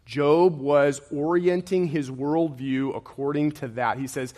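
Slow-preaching man in a reverberant hall. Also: a little high, darkish tone. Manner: emphatic, repetitive preaching with rising and falling intensity. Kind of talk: sermon.

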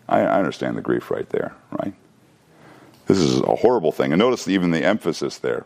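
A middle-aged man preaching through a Bible passage in a conversational, animated way with frequent restarts. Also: very deep voice, a little fast, creaky. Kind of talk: expository Bible teaching.

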